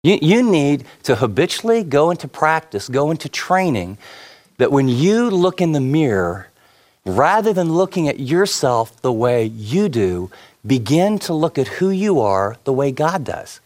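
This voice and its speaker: A man's voice: fairly high pitch, very animated, a little slow, darkish tone. Man preaching in a conversational way. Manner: conversational preaching with repeated phrases. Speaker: pastor. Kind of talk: sermon.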